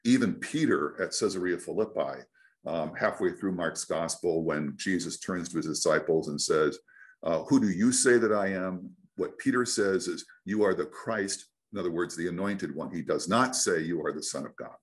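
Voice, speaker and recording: A priest giving a sermon in a reflective way, with frequent "um"s and restarts. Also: male voice, low-pitched, normal speed. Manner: reflective, many fillers and restarts.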